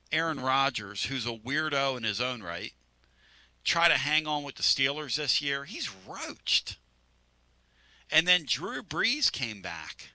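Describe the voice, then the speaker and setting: A man's voice: mid-range voice, pushed and bright, no room sound. A man hosting sports talk radio in a studio, rambling and joking.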